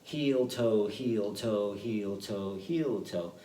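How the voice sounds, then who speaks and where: A man teaching fiddle in an online workshop. He explains in a relaxed, halting way, with many fillers. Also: fairly low pitch. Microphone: video call. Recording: roomy sound, mic at a distance, loud fiddle playing.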